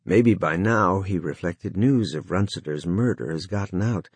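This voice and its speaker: A man narrating a novel in a measured, expressive reading. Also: low voice, breathy edge, no room sound. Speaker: audiobook narrator. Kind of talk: scripted narration.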